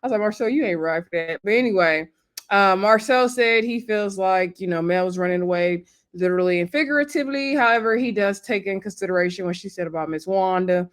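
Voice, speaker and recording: A woman's voice: mid-range voice, brisk. A woman, chatting casually and rambling as she recaps a reality show, acting out what the cast said. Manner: chatty and rambling, acts out quotes.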